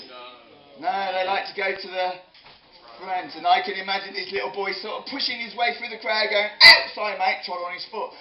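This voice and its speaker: A man telling a Bible story to children in an animated, playful way, drawing in his audience. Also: high voice. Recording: echoey hall, dull lo-fi sound.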